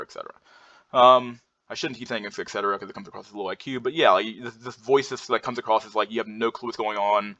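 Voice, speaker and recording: A man's voice: on the low side, a bit bright. A man presenting slides in a casual lecture, rambling with many fillers and restarts and blunt swearing. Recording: dull lo-fi recording.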